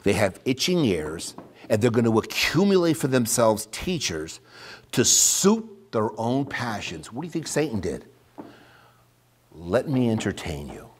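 A man delivering a sermon from the pulpit, his pitch rising and falling in lively sweeps. He reads scripture out with loud emphasis, then drops to hushed, near-whispered asides for his listeners. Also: measured pace, breathy edge. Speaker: preacher.

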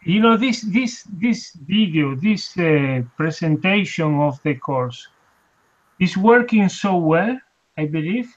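A man's voice: high-pitched, a bit bright, lo-fi sound. A man who often stops and repeats words, taking part as student and organizer in an online language lesson. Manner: hesitant, restarts and repeats words.

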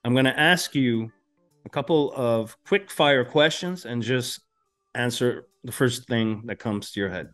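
A man's voice: medium pitch, a little slow, faint music behind. Guy hosting a movie podcast, mid-range voice, chill and swears a lot. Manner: relaxed, profane, enthusiastic about film. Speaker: podcast host. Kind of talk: casual podcast chat.

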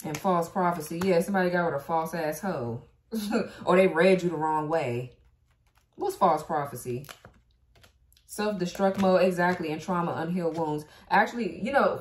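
A blunt, foul-mouthed woman runs through a tarot reading in a casual, talky way. Her voice sits on the low side, and the room gives it a noticeable echo. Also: expressive, normal speed, slight background noise. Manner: blunt and profane, laughing, talking back to the cards. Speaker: tarot reader.

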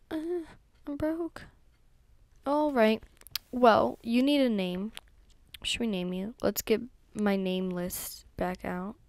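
A woman's voice: a little high, a little mellow, no room sound. A young woman giving chatty gameplay commentary, talking to herself and to her horses with many ums and whispered asides. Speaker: gaming YouTuber.

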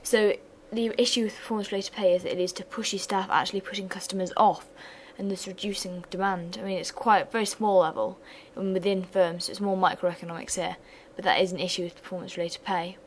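A young woman talks through exam revision notes in a chatty, self-deprecating way. Her voice sits at a middling pitch. A faint noise runs under the recording. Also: level tone, fast talker, hardly any pauses, low-quality recording. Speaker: revision tutor. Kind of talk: economics revision lesson.

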